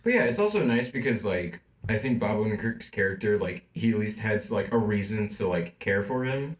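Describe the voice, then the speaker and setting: A man's voice: lowish voice, lively intonation, a little fast. A man co-hosting a casual amateur film podcast, rambling and filling with "like" as he chats. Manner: rambling, heavy use of "like". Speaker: podcast co-host. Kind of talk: casual chat. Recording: roomy echo.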